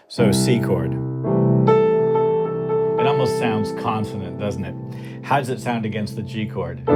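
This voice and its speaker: A man explaining music theory at the piano in a conversational way, often asking rhetorical questions. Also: lowish voice. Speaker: music teacher. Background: piano playing.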